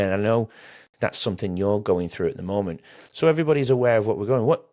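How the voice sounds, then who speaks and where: A man hosting a podcast interview, chatty and rambling with frequent restarts. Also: on the low side. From England. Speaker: podcast host.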